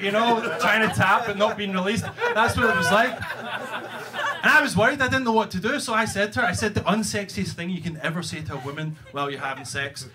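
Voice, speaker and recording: A Scottish man doing a stand-up comedy set, telling a rambling story with lots of "right?" asides. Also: high voice. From Scotland. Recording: live club recording with loud audience laughter. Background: audience laughter.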